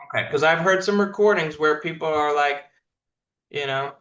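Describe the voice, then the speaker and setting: A man's voice: fairly high pitch, normal speed, sharp tone, reverberant, highs cut off. A man managing a sales team, coaching them through a meeting in an emphatic, instructive way. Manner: emphatic, instructive, demonstrates call lines.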